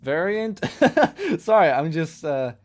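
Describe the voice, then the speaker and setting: A man chatting casually on a live stream while he draws manga, rambling and quick to laugh at his own jokes. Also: a little high, sing-song. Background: faint music playlist.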